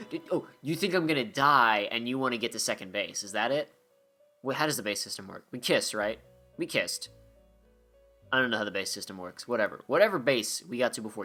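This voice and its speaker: A gameplay commentator with a sharp, mid-range voice reads game text aloud during a let's-play, breaking it up with joking, sarcastic, rambling asides. Faint game music plays in the background.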